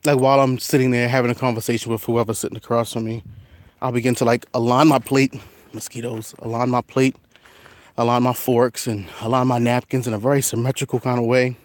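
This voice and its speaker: A man's voice: flat delivery, brisk, dry recording. Casual gardening vlogger, young man, rambling and easygoing, recorded outdoors on a phone. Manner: chatty, rambling, talks to his cats in a high coaxing voice. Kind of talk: casual vlog talk while gardening. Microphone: phone camera.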